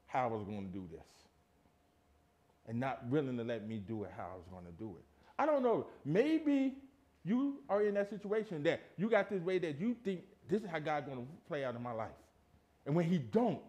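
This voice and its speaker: A man preaching a sermon in a church, emphatic and full of rhetorical questions, dropping from loud to hushed. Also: fairly high pitch, big pitch swings, normal speed. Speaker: pastor. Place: church sanctuary.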